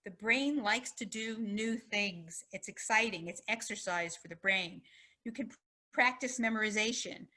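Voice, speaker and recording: A woman's voice: mid-range voice, a little slow, pushed and bright. A woman physician giving a public health lecture, explaining in a conversational way and telling short anecdotes.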